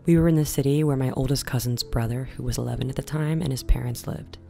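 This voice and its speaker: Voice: medium pitch, steady tone, fast talker, gravelly, dark tone, soft background music. A speaker narrating a personal scary experience from childhood in a matter-of-fact way. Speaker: storyteller. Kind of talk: first-person horror story narration.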